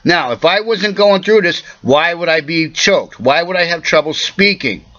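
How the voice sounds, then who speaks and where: A hoarse man delivers an agitated, profane rant. His voice is bright and pushed, and a little high for a man. The recording is dry and dull, with no room sound. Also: expressive, moderate pace, no echo. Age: 40s. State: hoarse, coughing. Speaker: vlogger. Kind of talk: angry personal rant to camera.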